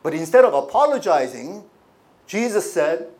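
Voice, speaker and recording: A male pastor delivering a sermon in a chatty, conversational style. His voice sits a little high for a man, and he keeps asking his listeners rhetorical questions. He drops to near-asides and then rises to emphatic, louder points. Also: big pitch swings, moderate pace. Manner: swings from quiet to emphatic.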